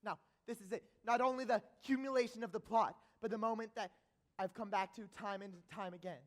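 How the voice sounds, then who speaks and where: A man's voice: high voice, steady tone, brisk, natural voice. A man playing a nervous, chatty theater fan who narrates with rambling asides to the audience in a stage musical. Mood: eager.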